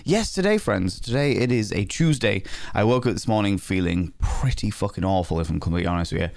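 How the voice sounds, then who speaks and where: Playful man streaming, low voice. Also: lively intonation, fairly quick, creaky, a little mellow. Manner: playful, teasing, theatrical swings in pitch. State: sore sinuses, a bit under the weather. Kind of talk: casual live-stream chat.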